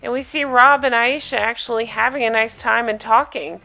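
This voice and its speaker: Bright, sarcastic woman recapping reality TV. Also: a little high, moderate pace, vocal fry, soft background music. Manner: sarcastic, gossipy, animated. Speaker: podcast host recapping reality TV. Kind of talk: casual recap monologue.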